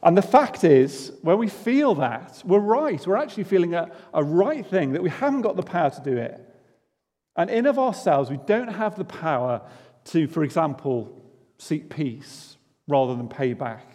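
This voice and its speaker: A man's voice: fairly high pitch, sing-song, moderate pace, dark tone, in a large hall. A man preaching a sermon to his congregation in a chatty way, asking them rhetorical questions and joking at his own expense. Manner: self-deprecating humour. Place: church.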